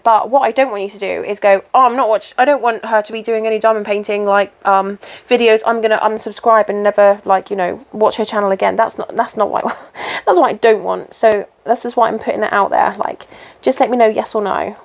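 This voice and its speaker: A woman in her thirties hosting a relaxed stitch-along chat at home, rambling and interrupting herself as she works. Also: medium pitch, gravelly. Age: 30s. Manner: chatty, rambling, self-interrupting. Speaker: crafting channel host. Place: home, indoors.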